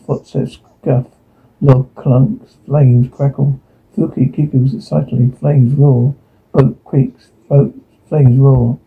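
Man with a husky voice on a tinny phone line. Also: medium pitch. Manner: flat reading that stumbles and repeats words. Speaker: reader of a TV episode's audio description. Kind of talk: reading aloud a transcript with sound cues.

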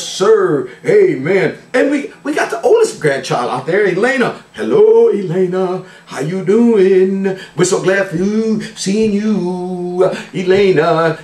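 An older man, a pastor, greeting his family and viewers in a playful, folksy way, peppering his talk with "glory to God" and "amen". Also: on the high side. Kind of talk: church service shout-outs. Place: church sanctuary. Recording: echoey church sound from a distance.

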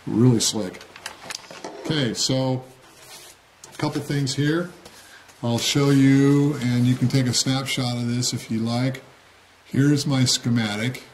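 A man at a middle pitch explains a hobby project step by step in a relaxed tutorial manner. He keeps things plain-spoken and often pauses to ask "okay?". A faint hiss of noise sits under the recording. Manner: plain-spoken, frequent "okay?" check-ins. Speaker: model railroad hobbyist demonstrating. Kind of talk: casual how-to tutorial.

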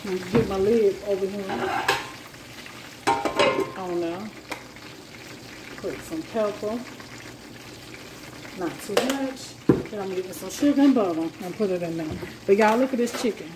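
A woman's voice: medium pitch, a little slow, long pauses, heavy background noise. A woman chatting casually and folksily to her viewers while she cooks at home. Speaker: cooking vlogger. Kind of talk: casual chat while cooking. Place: home kitchen. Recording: echoey kitchen with loud frying sizzle. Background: frying sizzle.

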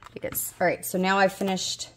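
A woman in her forties with a Southern US accent chats casually to herself while playing a budgeting game and searching for pieces, sounding mildly exasperated. She's a budgeting vlogger with a medium-pitched, completely flat voice that runs a little fast and a bit bright. There's a slight hiss or hum in the recording.

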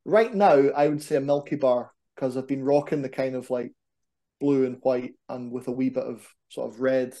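A young Scottish man chatting animatedly as a wrestler guest on a podcast. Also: medium pitch. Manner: animated, quick to banter. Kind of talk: casual podcast chat.

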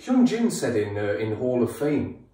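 A man hosting a casual music reaction video, animated and enthusiastic. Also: medium pitch, moderate pace, very echoey, far from the mic. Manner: animated, laughing, enthusiastic, swears.

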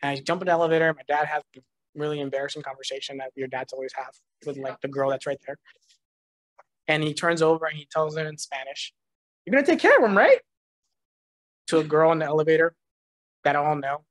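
A man's voice: fairly high pitch, fast, no room sound. A man giving a personal testimony at church, telling his story with animation and frequent laughter. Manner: animated storytelling, laughs often, acts out voices in quotes.

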